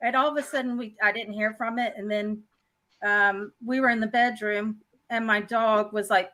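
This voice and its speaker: A woman's voice: medium pitch, steady tone, normal speed, sharp tone. A woman in casual chat, telling a story in a plain-spoken way and acting out what people said. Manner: plain-spoken, acts out quotes. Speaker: host.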